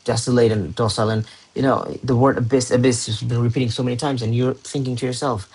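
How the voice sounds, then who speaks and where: A man's voice: medium pitch, little pitch movement, fast talker, hardly any pauses, darkish tone, husky. A young man explaining English exam techniques in a chatty, informal way, often correcting himself and using slang. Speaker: English tutor. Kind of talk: casual teaching explanation.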